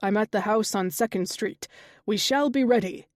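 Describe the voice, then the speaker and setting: A woman's voice: mid-range voice, normal speed, darkish tone, no echo, clean studio sound, close to an everyday voice. A woman voicing an anxious young male king-to-be who speaks formally and nervously in an audiobook. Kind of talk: audiobook character dialogue.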